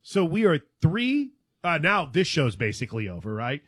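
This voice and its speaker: A man's voice: fairly high pitch, wildly swooping pitch, moderate pace, husky, no room sound. Upbeat man hosting sports talk. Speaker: sports show co-host.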